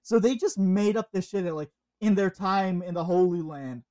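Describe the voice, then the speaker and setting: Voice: medium pitch, normal speed, a little mellow. A podcast host in casual chat, telling long rambling stories with many restarts.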